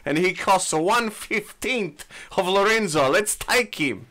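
A male Italian motorbike racer with a thick, overdone accent, as a podcast host puts him on. The voice is pitched well above normal and sounds bright and buzzy, a deliberately poor impression played for laughs. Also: lively intonation, heavily acted. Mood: mocking. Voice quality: exaggerated mock Italian accent.

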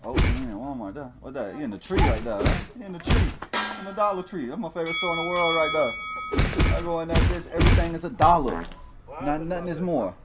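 Brief: male reaction commentator, casual and crude, very lively delivery, music bed loud behind. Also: on the high side, brisk. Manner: loose, crude, excitable, laughing between remarks.

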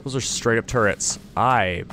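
A man's voice: medium pitch, unhurried, noisy background. A man giving casual, chatty commentary while playing a video game, often restarting his thoughts. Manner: chatty, self-interrupting musings. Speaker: let's play host.

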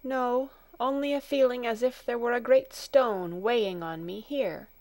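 A woman's voice: a little high, measured pace, a little mellow, dry recording, pitched above the performer's own voice. A woman reading a storybook, voicing a timid, homesick little girl who is near tears and gives small, hesitant answers. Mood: homesick, tearful.

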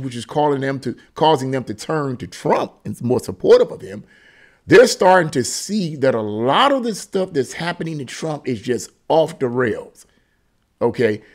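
A man hosting a political commentary channel, talking casually and emphatically about a news article and often repeating himself. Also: on the high side.

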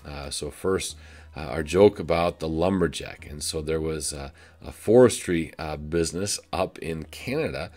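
Male pastor, low voice, casual devotional talk full of fillers. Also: moderate pace, darkish tone. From United States. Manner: folksy, many filler "uh"s, chuckles at own jokes. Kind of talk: short video devotion.

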